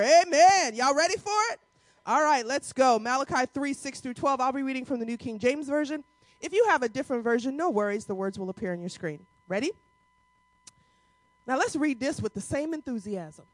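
High-voiced woman preaching a sermon. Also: expressive, normal speed, no room sound. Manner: rousing call-and-response preaching, drops to soft intimate tones. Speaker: pastor. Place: church sanctuary.

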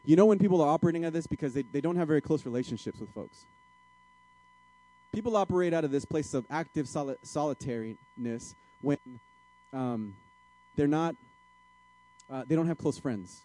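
A male pastor preaching a conversational sermon that moves from soft, confessional moments to emphatic, exhorting appeals. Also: a little high, brisk.

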